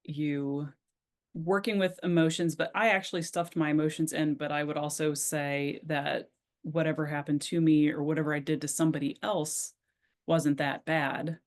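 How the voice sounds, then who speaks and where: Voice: medium pitch, level tone, normal speed. A podcast co-host talking reflectively in casual chat, often stopping and restarting sentences.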